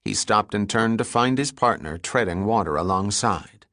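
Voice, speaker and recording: A man with a low voice reads an audiobook in steady, measured narration. The sound is dry and close, with no room around it. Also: no echo. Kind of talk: scripted narration.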